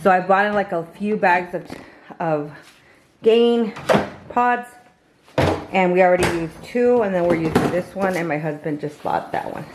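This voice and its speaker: A woman's voice: lowish voice, normal speed, pauses often, very noisy. A woman chatting casually through a home vlog while filming handheld, rambling with restarts and talking baby-talk to her pets. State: a little out of breath. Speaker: vlogger. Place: home indoors. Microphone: handheld camera.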